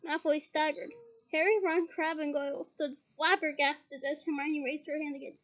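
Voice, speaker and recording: A high-pitched woman reading a novel aloud, dropping in relaxed side comments between passages. The sound is muffled and lo-fi. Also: normal speed. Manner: breaks off with chatty asides and laughs at slips. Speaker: audiobook reader.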